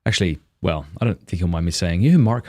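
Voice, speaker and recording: Low-voiced podcast host. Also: male voice, fast talker, no echo, studio quality. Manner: relaxed, laughs easily, affirming back-channel. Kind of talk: casual interview.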